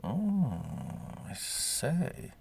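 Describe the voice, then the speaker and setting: A man's voice: a little high, wildly swooping pitch, drawn-out words, creaky, a little mellow, husky, dry recording, pitched above the performer's own voice, full character voice. A man voicing a sardonic, snobbish who mutters wry asides.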